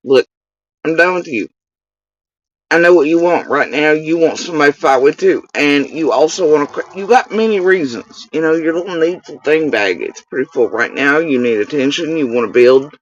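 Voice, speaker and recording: A man's voice: a little high, animated, normal speed. A man hosting his own channel, delivering an angry, profane rant full of accusations and insults aimed at one person. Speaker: channel host. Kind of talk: angry direct-to-camera rant. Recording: dull lo-fi dry recording.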